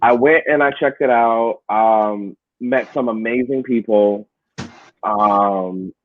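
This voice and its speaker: A man, a wrestler, talking in a casual interview, telling animated stories and laughing along the way. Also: on the low side, takes it slowly, narrow, tinny audio, a little hiss or hum. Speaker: wrestler guest.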